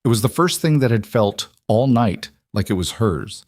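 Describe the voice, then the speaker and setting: A man narrating a scripted story in a measured, even storytelling manner, recorded close on a studio mic. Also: mid-range voice, no echo.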